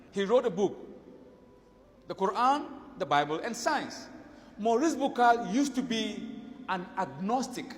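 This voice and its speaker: A man telling a story in a sermon, with animated delivery that rises and drops for the people he quotes. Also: high-pitched, big-room sound. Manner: animated storytelling, voice rising and dropping for quoted speech. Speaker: preacher.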